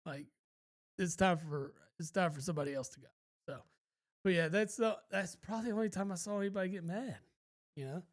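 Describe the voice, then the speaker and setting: Rambling podcast man, a bit high. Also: a little fast. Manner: rambling, laid-back, swears freely. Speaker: podcast co-host. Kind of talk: casual storytelling chat.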